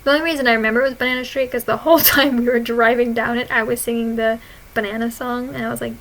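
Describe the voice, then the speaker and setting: A young woman reads her own old posts aloud in a loose, casual vlog. She giggles often, swears freely and retells her stories with plenty of animation. Her voice is fairly high and very bright. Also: fairly even intonation, fast talker, slight background noise, rough recording. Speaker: vlogger.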